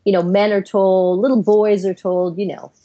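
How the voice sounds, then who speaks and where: A middle-aged woman speaking as a guest psychiatrist on a podcast, earnest and explanatory, her thoughts unspooling in long connected runs. Her pitch sits in an ordinary middle range, and the audio is slightly dull and lo-fi. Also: flat delivery, normal speed, mellow. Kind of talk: podcast interview.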